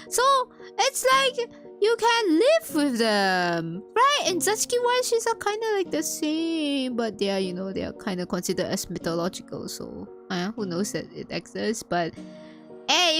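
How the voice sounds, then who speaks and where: A woman hosting a streamed podcast, telling stories in a rambling, animated way, with many fillers and sudden squeals. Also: mid-range voice. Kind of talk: casual chat storytelling.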